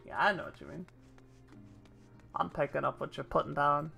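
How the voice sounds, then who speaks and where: A woman streaming a game, making excitable, giggly asides to her viewers. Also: sits low, normal speed, vocal fry, soft background music. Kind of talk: casual let's-play commentary.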